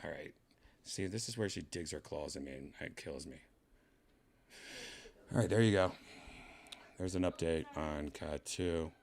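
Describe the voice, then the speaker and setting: A man's voice: a bass voice, measured pace, gravelly, pauses often, a little mellow, slight background noise. A man hosting a casual home vlog, rambling in a laid-back way while showing his cats in a room at home. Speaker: host showing his pets.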